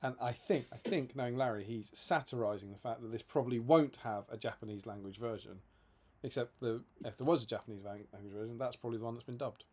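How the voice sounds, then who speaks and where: A livestream co-host with a husky, mellow mid-range voice chats casually at a quick pace. He reads out viewer comments, sounding chatty and amused, and laughs often.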